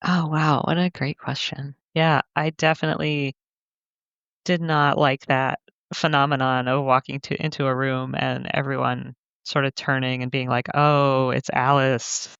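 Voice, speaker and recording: A candid woman speaking as a podcast guest, her voice gravelly with fry yet smooth and resonant. She is recorded close and dry over slightly dull, lo-fi remote audio. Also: very deep voice, flat delivery, moderate pace, a bit bright, no echo. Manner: candid, laughs easily, acts out quoted remarks. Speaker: guest author. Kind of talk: reflective podcast conversation.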